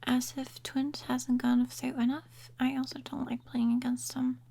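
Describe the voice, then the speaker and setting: Woman, soft-spoken ASMR chat, whispery, slow and unhurried delivery. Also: high voice, flat delivery, gravelly. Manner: whispery and mumbly, with trailing restarts. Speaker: ASMR gaming creator. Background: quiet rain sounds.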